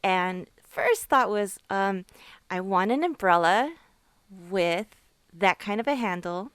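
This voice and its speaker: A woman co-hosting a casual fan podcast, talking excitedly and gushing. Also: medium pitch, slow, smooth, dry recording. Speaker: podcast co-host. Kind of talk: casual chat.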